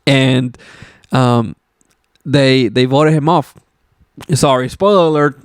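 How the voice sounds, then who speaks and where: A man's voice: medium pitch, takes it slowly, clean tone, no echo, clean studio sound. A young man hosting a casual solo podcast, rambling loosely with lots of fillers and some swearing. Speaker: podcast host.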